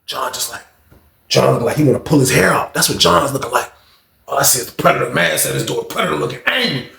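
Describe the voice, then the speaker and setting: A man's voice: mid-range voice, fast talker, vocal fry. A man telling a prison story in casual, slangy talk, acting out every scene. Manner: animated, slangy, acts out scenes. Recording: echoey room.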